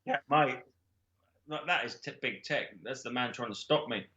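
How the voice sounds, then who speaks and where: Comedian riffing in echoey room. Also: male voice, medium pitch, moderate pace, pushed and bright, muffled recording. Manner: rambling, swearing, laughing a lot. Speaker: comedian guest. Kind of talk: improvised comic storytelling.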